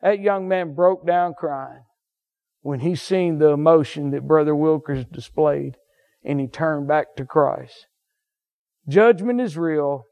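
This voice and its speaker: Male pastor, high-pitched, fervent sermon delivery, muffled recording. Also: slow pace, vocal fry. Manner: fervent preaching with sudden high shouts and soft drops.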